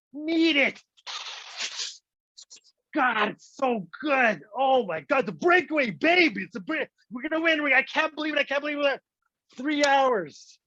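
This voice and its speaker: A man's voice: high-pitched, no room sound. A man playing a hockey-crazed husband who grovels and pleads in baby talk, recorded dry and dull. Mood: ecstatic.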